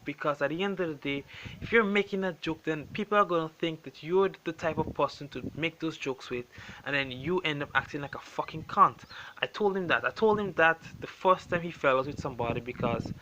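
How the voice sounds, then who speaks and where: Sharp-voiced man ranting. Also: on the high side, fairly quick, slight background noise. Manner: heavy swearing, blunt and exasperated. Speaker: storytime vlogger. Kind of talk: casual storytelling rant.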